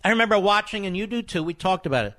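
A man delivering a talk radio monologue in a fairly high, very animated voice that swings widely in pitch. He is emphatic and combative and often jumps into sharp high outbursts. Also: very fast.

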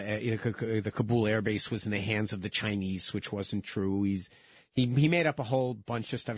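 Fast, restless man talking politics. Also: lowish voice, no room sound. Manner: quick, repeats himself, restarts often. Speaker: co-host of a political talk show. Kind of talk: casual political debate chat.

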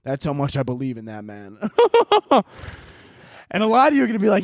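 A young man hosting a podcast, talking in a loose, rambling comedic monologue, swearing and breaking into shouted mock-dramatic lines. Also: mid-range voice, wildly swooping pitch, a little fast, dry recording, clean studio sound. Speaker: podcast host.

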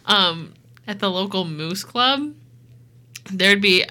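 A woman's voice: mid-range voice, expressive, slow, bright, forceful tone. A young woman from Illinois in casual podcast chat, rambling and laughing often.

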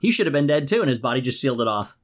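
A man's voice: medium pitch, big pitch swings, racing. A man co-hosting a podcast in casual chat, telling stories and laughing often. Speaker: podcast co-host.

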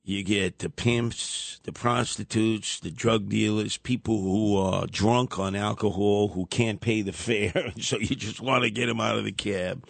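Gravelly older New radio host. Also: male voice, lowish voice, steady tone, unhurried, hardly any pauses, dry recording. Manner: rambling, ribbing and wisecracking. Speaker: radio talk show host. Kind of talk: casual talk radio banter.

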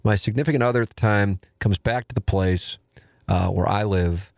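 A man's voice: on the low side, normal speed, vocal fry, a little mellow, dry recording, studio quality. A man in his forties, a podcast host, telling a rambling, self-deprecating and profane story in casual talk.

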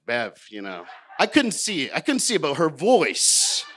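A comedian from Florida telling a personal story, rambling, self-mocking and profane, with halting restarts. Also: male voice, fairly low pitch, fairly bright tone. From Hollywood, Florida, USA.

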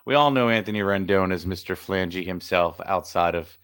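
A man co-hosting a casual sports podcast, excitable, jokey and rambling. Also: sits low, a little fast, smooth, dry recording, studio quality. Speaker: podcast co-host.

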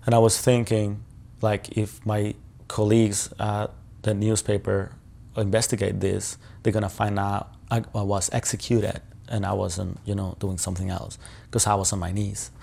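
A man's voice: fairly low pitch, little pitch movement, normal speed, vocal fry, dark tone, slight background noise. A male journalist recounting a personal ordeal in an interview, talking casually with lots of fillers and swearing.

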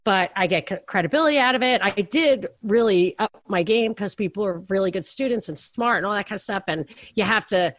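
A woman's voice: medium pitch, brisk, few pauses, a bit bright, dry recording, studio quality. A middle-aged woman on a podcast, telling rambling, self-deprecating stories in casual chat. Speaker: podcast co-host.

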